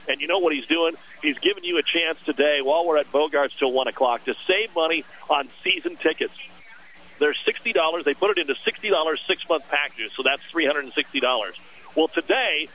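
A man hosting a live sports radio show at a store remote, pitching sale prices in an upbeat, salesy way. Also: fairly quick, pushed and bright, rough recording. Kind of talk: live remote broadcast with ad reads.

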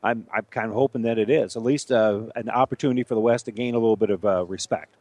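Animated sports radio co-host, man. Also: lowish voice, no echo. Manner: animated, halting, many restarts. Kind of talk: casual sports talk.

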